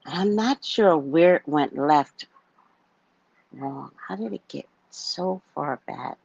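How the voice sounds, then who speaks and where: A woman's voice: sits low, takes it slowly, vocal fry, breathy edge, no room sound. Woman, casual storytelling, blunt, profane, slightly dull lo-fi sound. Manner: animated, blunt, swears freely, acts out heated exchanges. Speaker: psychic reader sharing a personal story.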